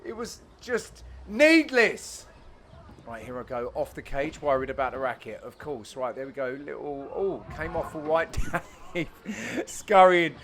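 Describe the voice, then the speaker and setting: A man commentating over footage of his own amateur padel match in a casual, self-deprecating way, teasing his friends, with sudden bursts of excitement. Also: on the high side, a little slow, a little hiss or hum.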